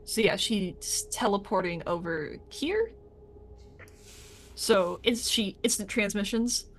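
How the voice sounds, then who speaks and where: A woman playing her character in an online tabletop game, thinking aloud and trailing off softly as she decides her moves. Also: medium pitch, slow pace, a little hiss or hum. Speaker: player.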